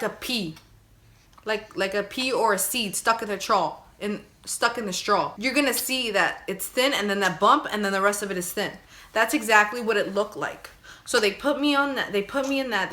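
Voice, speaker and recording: A young woman casually telling her birth story to her viewers, chatty and animated, acting out her own crying and pleading. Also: mid-range voice. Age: young adult.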